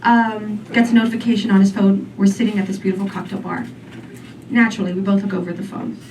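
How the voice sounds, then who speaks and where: A woman's voice: mid-range voice, quick pace. Rambling woman comic in her forties. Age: 40s. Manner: rambling, filler-heavy, deadpan. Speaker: stand-up comedian. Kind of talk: stand-up comedy set. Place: comedy club stage. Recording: distant mic with faint room noise.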